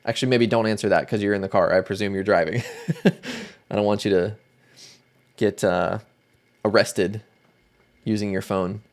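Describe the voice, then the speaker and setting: Relaxed man chatting on a livestream. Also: fairly low pitch, moderate pace, pauses often. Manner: relaxed, chatty, greets viewers by name. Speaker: livestream host. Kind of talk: casual livestream chat.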